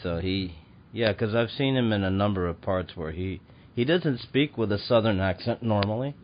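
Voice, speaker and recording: Deep-voiced podcast host, lo-fi. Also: male voice, normal speed. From Chicago. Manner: rambling, hesitant with many fillers. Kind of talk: casual chat. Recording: dull lo-fi podcast audio with clear noise.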